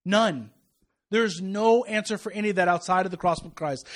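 A man, preaching an impassioned sermon to a church congregation, moving from loud declarations to soft, hushed passages. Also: high voice, normal speed. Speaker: pastor. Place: church sanctuary.

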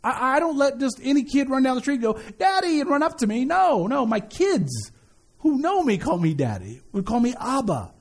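A pastor preaching a sermon in a church, talking to the congregation in a loose, conversational way with joking asides. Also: male voice, extremely high pitch, sing-song, normal speed. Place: church sanctuary.

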